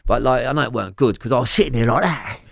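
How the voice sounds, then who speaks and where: A man with a Cockney accent telling his story as an interview guest, rambling and profane, with lots of fillers and a voice that swings from loud to quiet. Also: mid-range voice, very fast, gravelly, no room sound. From London, England.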